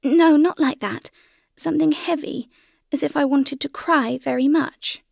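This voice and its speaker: A woman's voice: sits high, steady tone, a little slow, creaky, a little mellow, no room sound, clean studio sound, voice pushed up, full character voice. A woman voicing a frightened, homesick little girl in an audiobook, speaking small, trembling and earnest. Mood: timid, tearful. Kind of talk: audiobook character reading.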